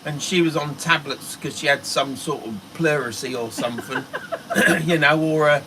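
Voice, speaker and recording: Man, Norfolk accent, middle-aged, rambling storyteller, bright forceful voice, slightly high. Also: normal speed, slight background noise, poor audio. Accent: Norfolk English. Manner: chatty, rambling, laughs as he talks. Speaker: fishing channel host. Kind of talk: casual storytelling on a livestream.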